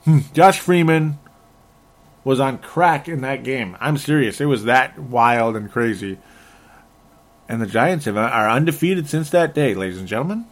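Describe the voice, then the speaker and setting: A man's voice: medium pitch, lively intonation, unhurried. A man talking casually as a sports podcaster, rambling and sarcastic, correcting himself often and filling gaps with ums and short laughs. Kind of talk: casual football rant.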